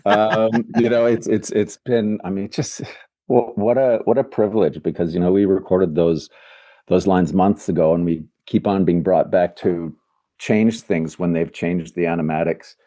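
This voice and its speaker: A man's voice: low voice, steady tone, normal speed, warm tone. An older man, a voice actor guest, answering interview questions in an earnest, reflective way, often searching for words.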